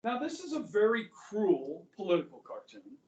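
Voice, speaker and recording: A man teaching a history class, talking in a chatty, animated way and checking in with the students again and again. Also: high voice, moderate pace, muffled recording, a little hiss or hum. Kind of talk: classroom lecture. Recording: echoey classroom, mic far off.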